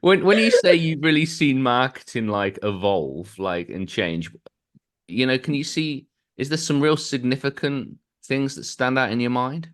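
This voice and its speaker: A man in his forties hosts a podcast interview, joking with his guest as he leads the talk. His voice sits at a middle pitch, and his manner is light and bantering. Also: lively intonation, measured pace. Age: 40s. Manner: jokey, friendly banter. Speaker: podcast host. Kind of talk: casual interview.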